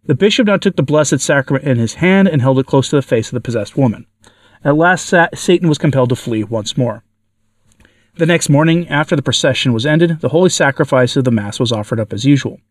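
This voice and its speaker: A man narrating a religious story aloud in a measured way, with occasional stumbles. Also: mid-range voice, no room sound. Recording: dry, from far off the mic.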